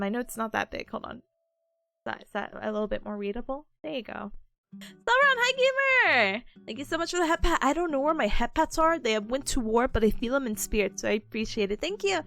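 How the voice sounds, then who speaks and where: A woman's voice: fairly high pitch, quick pace, creaky, soft background music. A young woman streaming a study session, chatting casually with her viewers, laughing often and rambling between stories. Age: young adult. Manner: laughs often, talks to chat, lively and rambling. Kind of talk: casual live-stream chat.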